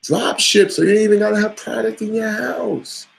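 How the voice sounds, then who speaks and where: A man's voice: high voice, moderate pace, gravelly, low-quality recording. A middle-aged man vlogging casually, giving a blunt, profane pep talk. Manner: blunt, swears freely, motivational pep talk. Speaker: vlogger and coach. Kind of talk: casual talking-head vlog.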